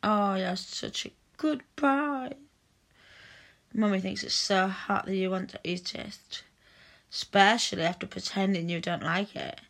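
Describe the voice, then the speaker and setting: A woman speaking slowly in an intimate audio role-play, her voice carrying a gravelly fry. She coaxes and teases in a doting tone. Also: mid-range voice, a bit bright. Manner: coaxing, teasing, doting.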